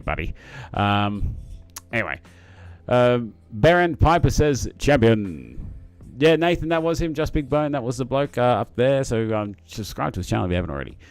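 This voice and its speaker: A young man hosts a laid-back live stream, reading chat and talking to viewers in a rambling, friendly way full of fillers and restarts. His voice is mid-range with a darkish tone, and the recording is dry.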